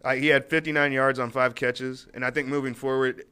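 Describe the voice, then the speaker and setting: A man in casual sports-podcast conversation, his voice bright and smooth with a clean, resonant edge. He talks things through at an easy pace, circling back with fillers and small restarts as he weighs players and matchups. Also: mid-range voice, fairly quick. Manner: relaxed, thinks aloud with fillers and restarts. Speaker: podcast co-host.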